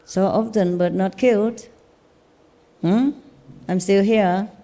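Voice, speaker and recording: A woman spiritual teacher with a Vietnamese accent speaks casually to her disciples. Her voice is warm and mellow, and she talks in a reassuring, animated storytelling manner, often laughing between her points. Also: medium pitch, takes it slowly.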